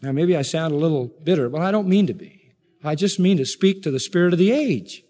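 High-voiced guy preaching, punchy questions then quiet asides, big echoey hall. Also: expressive, fairly quick. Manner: preaching with rising emphatic questions, dropping low for asides. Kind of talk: sermon.

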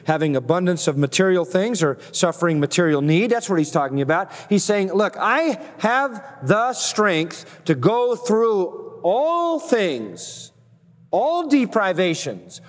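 A man preaching an expository sermon, building emphatic repeated phrases and slowing down to stress key words. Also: fairly high pitch, big-room sound. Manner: emphatic, repetitive cadences with slow stressed phrases. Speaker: pastor.

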